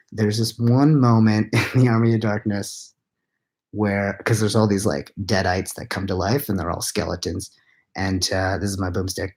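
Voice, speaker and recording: Late at night at home, a weary man likely in his thirties fields live chat questions, speaking half-whispered into his laptop's built-in mic. His lowish voice stays hushed as he rambles, laughing quietly at himself.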